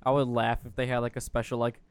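A man in relaxed conversation with friends who tosses out rambling jokes. His voice is mid-range and smooth. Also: mid-range voice, quick pace, no echo. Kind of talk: casual chat among friends.

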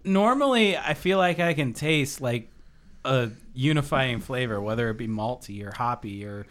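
A man's voice: medium pitch, animated, normal speed, fairly bright tone. A man hosting a casual beer-tasting podcast, talking loosely and jokingly. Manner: loose, joking, frequent "like" fillers. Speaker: podcast host.

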